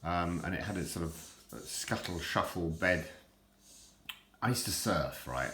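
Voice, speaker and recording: A deep, low-pitched older man talks in a loose, rambling vlog style, often stumbling over and repeating his words. The sound bounces around a roomy, echoey space, with a faint hum in the background. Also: lively intonation, measured pace, bright, forceful tone. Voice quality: deep, self-described nappy voice. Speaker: collector showing items.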